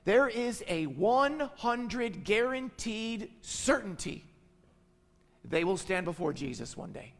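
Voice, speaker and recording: A man's voice: high voice, sing-song, slow. A middle-aged man preaching as a pastor, emphatic and repeating phrases for stress. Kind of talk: sermon. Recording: long hall reverb.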